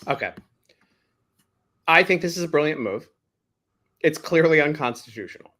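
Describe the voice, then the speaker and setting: A man hosting a political talk show, quick and jokey in a casual, irreverent way. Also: on the high side, animated, sharp tone. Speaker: podcast host.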